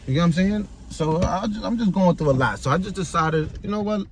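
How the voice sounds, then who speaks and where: A man's voice: high-pitched, a little fast, slight background noise. A frustrated young man venting in a rambling monologue, repeating himself often, recorded outdoors in a busy public area.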